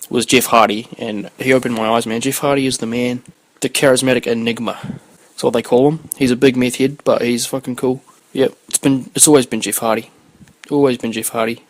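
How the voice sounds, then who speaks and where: A man's voice: medium pitch, no room sound, poor audio. Laid-back sweary New guy. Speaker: podcast host. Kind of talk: casual solo podcast chat.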